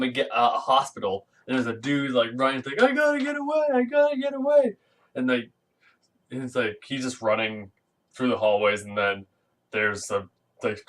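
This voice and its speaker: A man with a lowish, sharp-toned voice casually recaps a comic book issue, heard through a distant mic on a rough recording. He rambles with lots of fillers and restarts, acting out characters' lines in silly, funny voices.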